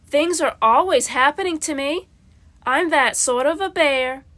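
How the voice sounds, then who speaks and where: A small, polite young bear speaks earnestly in a high, bright voice, put on by a woman reading a storybook. He talks slowly and sincerely.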